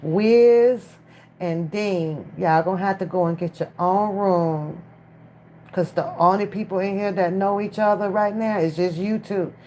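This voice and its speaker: Slight background noise accompanies this fairly low, somewhat mellow female voice. She's a livestream commentator chatting casually from her phone, speaking directly to her chat viewers.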